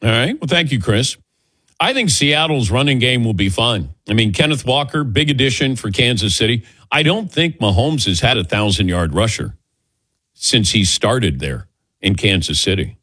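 Husky, animated sports radio host. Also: male voice, mid-range voice, normal speed, dry recording. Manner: jokey, animated banter with callers.

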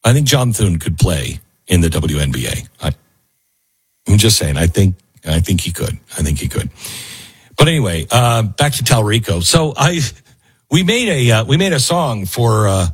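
A man's voice: on the low side, big pitch swings, moderate pace, husky. A man hosting a political talk radio show, sarcastic and rambling, who also reads live ads. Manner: sarcastic, rambling, self-interrupting.

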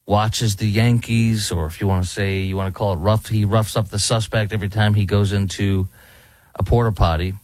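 A man's voice: fairly low pitch, steady tone, normal speed, a little mellow, dry recording. A man hosting a talk show, ranting in opinionated political commentary and now and then mocking people with impressions. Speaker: talk radio host. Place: Dallas.

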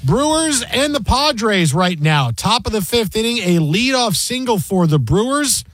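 A man's voice: sits high, a little slow, no room sound, soft background music. A man hosting casual sports talk radio, telling stories animatedly and acting out quotes. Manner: animated storyteller, acts out quotes loudly.

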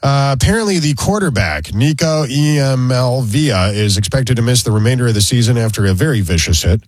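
A man's voice: medium pitch, lively intonation, brisk, dry recording, low-quality recording. A man hosting talk radio, working through sports headlines and adding his own wry asides. His voice sits in a middle register and is recorded close and dry, with no room around it. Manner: reads headlines then riffs dryly. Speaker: radio show co-host. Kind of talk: casual talk radio banter, reading news items.

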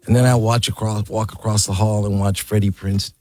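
A man in his sixties, an interview guest, telling an animated story and acting out the quotes. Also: on the low side, brisk, no room sound. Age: 60s.

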